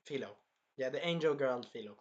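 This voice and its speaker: A man's voice: mid-range voice, fairly quick, dull audio. A young man casually reviewing an anime episode, rambling and swearing, now and then acting out the characters. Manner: rambling, profane, animated, acts out the characters. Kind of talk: casual reaction commentary.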